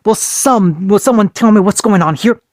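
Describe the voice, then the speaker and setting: A man's voice: sits high, normal speed, a little mellow, dry recording, studio quality, close to an everyday voice. A man doing an exasperated young ninja. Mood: baffled. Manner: baffled, exasperated. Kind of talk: fan fiction read aloud.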